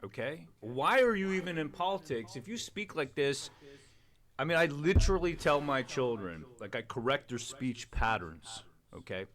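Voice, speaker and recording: A man's voice: mid-range voice, very animated, normal speed, fairly bright tone. A middle-aged man hosting a livestream, talking in a rambling, emphatic way full of restarts. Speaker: streamer and host. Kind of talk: casual political chat on a livestream.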